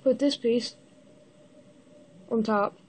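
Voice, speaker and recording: A woman with the hiccups giving a casual step-by-step building tutorial, halting and pausing mid-step to show the pieces. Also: a little high, fairly even intonation, a little mellow, breathy edge. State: has the hiccups. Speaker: toy builder giving instructions.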